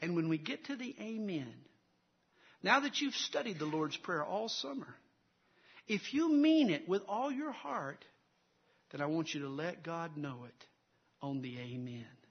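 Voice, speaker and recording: High-voiced preaching man, muffled sound. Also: animated, unhurried, breathy edge. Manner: dramatic storytelling, swells loud then drops low. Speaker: pastor. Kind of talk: sermon.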